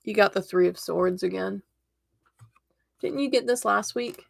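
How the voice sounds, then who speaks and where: A woman's voice: mid-range voice, measured pace, creaky, dry recording, studio quality. A woman hosting a live tarot stream, chatting casually and encouragingly and laughing often. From United States.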